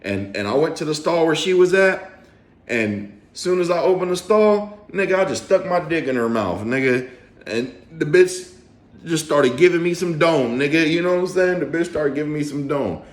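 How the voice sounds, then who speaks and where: A man's voice: fairly high pitch, lively intonation, moderate pace, roomy sound. A man telling a story to camera in a casual, slangy, profane way, with lots of swearing. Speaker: storyteller vlogger.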